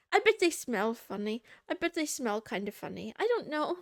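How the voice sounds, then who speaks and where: High, lively, giggly woman streamer. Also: normal speed, no echo, clean studio sound. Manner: giggly, self-mocking, reads chat aloud. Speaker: VTuber streamer. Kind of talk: casual live-stream chat.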